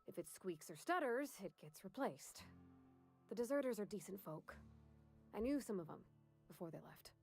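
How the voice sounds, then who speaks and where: A shy, earnest young woman from a company town, voiced by a woman in a video game. Her speech is folksy and plainspoken, with hesitant little pauses, at a middling pitch. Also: lively intonation, faint music behind, natural voice.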